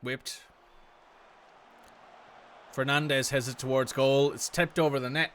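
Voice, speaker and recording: A man's voice: mid-range voice, steady tone, unhurried, a bit bright, a little hiss or hum. A man casually commenting as he plays a football management game, thinking aloud and reacting to the match. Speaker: gaming streamer. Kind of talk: casual let's-play commentary.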